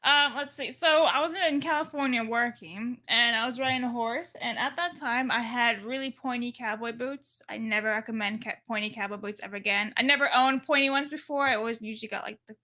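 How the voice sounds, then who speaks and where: Chatty young woman with a bright voice. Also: on the high side, fairly quick, few pauses. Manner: chatty, storytelling, giggly. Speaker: podcast co-host. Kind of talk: casual chat.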